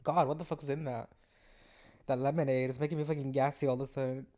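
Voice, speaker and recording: A young adult hosts a podcast, reading messages aloud and picking them apart with casual, profane sarcasm. The voice sits in a middle pitch, and the disbelief comes through in the delivery. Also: little pitch movement, fast, mellow. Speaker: podcast host.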